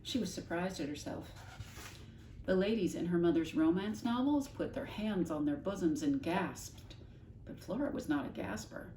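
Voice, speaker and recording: A woman teacher reading a children's novel aloud to her class, expressive and stopping to explain words. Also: on the low side, normal speed, slight background noise. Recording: echoey room, mic at a distance, faint ambience.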